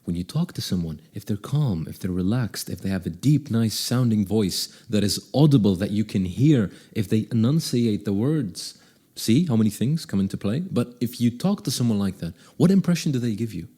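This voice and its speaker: A man with a low, mellow, slightly husky voice coaches the listener on how to speak. He talks straight to them and often slows down, speeds up or drops his volume to show what he means. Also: expressive. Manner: demonstrates voices, shifts pace and volume. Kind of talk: direct-to-camera vocal tips.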